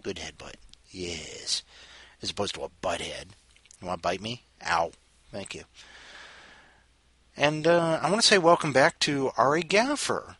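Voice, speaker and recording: A man's voice: medium pitch, lively intonation, a little slow, pauses often, sharp tone, slightly rough, no echo. A man hosting a casual home show, chatting playfully with his cat between rambling jokes. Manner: rambling, playful, jokey asides. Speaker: podcast host.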